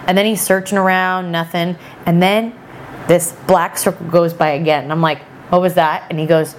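Chatty woman with a lowish voice. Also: moderate pace, slight background noise. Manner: animated, chatty, quotes people often. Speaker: podcast guest. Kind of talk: casual storytelling chat.

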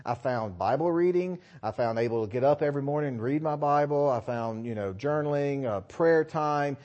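A middle-aged man preaching to a church congregation, with a voice of ordinary pitch. He talks plainly and personally, then swells into loud, emphatic scripture readings before sinking back to a near murmur. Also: normal speed, dull audio. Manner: swings between quiet asides and loud emphatic scripture reading. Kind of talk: sermon.

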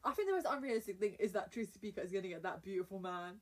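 A young woman hosting a podcast, chatting playfully and excitably. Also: mid-range voice, racing. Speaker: podcast host. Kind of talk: casual chat.

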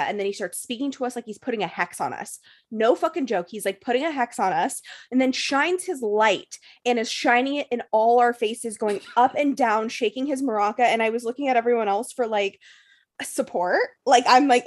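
A woman's voice: on the high side, fairly quick. A young woman telling a story in a casual chat, swearing freely and filling her talk with "like". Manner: profane, breathless storytelling full of "like" fillers.

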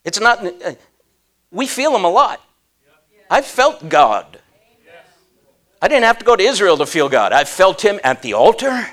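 A man's voice: high voice, a little slow, pauses often. A man preaching a humorous sermon, telling a story with jokes and frequent laughter. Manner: animated, joking, laughs often.

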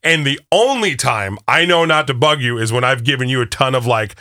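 Fast-talking bright-voiced man teasing. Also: medium pitch, no echo, clean studio sound. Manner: teasing, animated storyteller. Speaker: radio show co-host. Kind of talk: casual banter. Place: radio studio. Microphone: studio mic.

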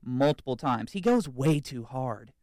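A man's voice: medium pitch, lively intonation, unhurried, a little mellow, no echo, studio quality. A man in his twenties chatting casually on a podcast, telling stories and acting out quotes. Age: 20s. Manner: storytelling, acts out quotes. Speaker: podcast co-host. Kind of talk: casual chat.

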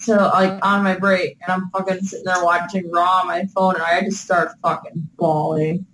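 A woman's voice: on the low side, flat delivery, normal speed. A woman co-hosting a casual chat, speaking bluntly and swearing casually. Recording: noisy background.

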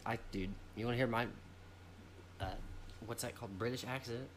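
Young guy rambling through a story on a podcast, bright sharp voice, faint hiss behind. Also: mid-range voice, steady tone, fairly quick. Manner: rambling, loud bursts of laughter and swearing. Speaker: podcast co-host. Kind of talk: casual chat.

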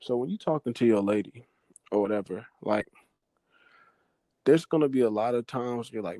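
A young man at a mid-range pitch gives earnest relationship advice as a podcast guest. He speaks loosely and conversationally, straight to the listeners, in a dry close room. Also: moderate pace, pauses often, dark tone, no echo. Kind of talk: casual chat.

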